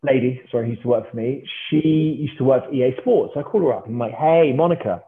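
A man in his thirties, a startup founder, telling stories in an animated, self-mocking way with lots of fillers. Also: mid-range voice, fast. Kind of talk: casual storytelling chat. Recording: tinny phone-like line.

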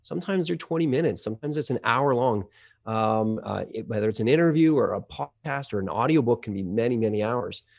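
A man's voice: medium pitch, lively intonation, fairly quick, gravelly, no room sound. A man talks through voice-over advice in a loose, meandering way, circling back with fillers and restarts. His voice sits in an ordinary middle range. The recording is dry, with almost no room sound. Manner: rambling, many fillers and restarts. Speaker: audio engineer and voice-over company representative. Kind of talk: conversational podcast interview.

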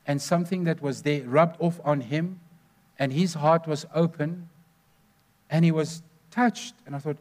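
Earnest preacher. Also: male voice, on the high side, fairly quick, a little mellow. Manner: earnest storytelling, stressing numbered points. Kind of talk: sermon.

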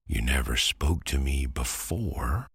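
A man's voice: a bass voice, lively intonation, slow, slightly rough, dry recording, heavily acted. A man voicing a polite, worried young boy in a storybook reading, speaking plaintively.

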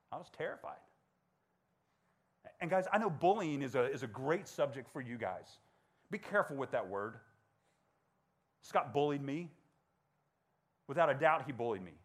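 Male speaker, 40s, school talk, animated and conversational, acts out voices. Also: a little high. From Georgia. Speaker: motivational speaker. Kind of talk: storytelling talk to students.

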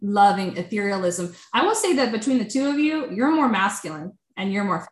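A woman giving a casual tarot reading, chatty and animated, often saying "like". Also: medium pitch, brisk, roomy sound. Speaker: tarot reader.

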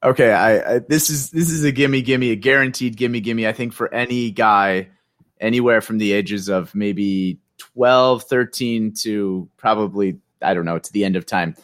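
A man's voice: lowish voice, normal speed, no room sound, studio quality. A man co-hosting a casual podcast, rambling and hesitant with many fillers. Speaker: podcast co-host. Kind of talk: casual chat.

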